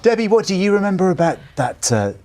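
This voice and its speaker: A man's voice: high voice, sing-song, fast, over a noisy crowd. A man presenting a breakfast television show, prompting guests and reading links.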